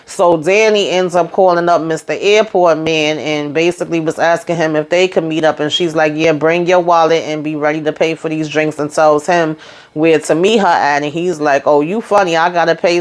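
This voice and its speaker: Animated woman recapping a TV episode. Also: normal speed. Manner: animated retelling, acts out quotes with rising pitch. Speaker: TV recap YouTuber.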